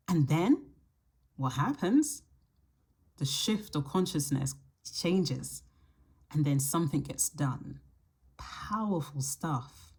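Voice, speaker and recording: A woman hosting her astrology channel, talking casually to camera and thinking aloud in a reflective way, with the odd soft laugh. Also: sits low, breathy edge. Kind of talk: casual solo talk to camera.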